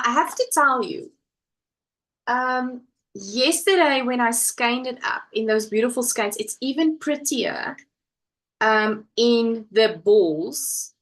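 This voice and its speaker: A woman's voice: on the high side, a bit bright, rough recording. Chatty woman hosting a live stream. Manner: chatty, reads viewer comments aloud. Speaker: livestream host. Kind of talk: casual live-stream chat. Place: home crafting live-stream.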